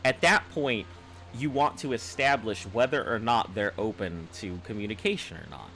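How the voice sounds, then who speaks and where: Low-voiced man rambling on a stream. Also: normal speed, fairly bright tone, faint music behind. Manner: rambling, restarts phrases, reads chat comments aloud. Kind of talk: casual live-stream chat.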